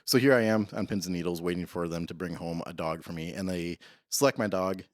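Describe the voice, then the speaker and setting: A man's voice: deep voice, a little fast, dry recording, clean studio sound. A man, a police dog trainer and guest, telling rambling stories in a casual interview. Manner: rambling, self-interrupting storyteller.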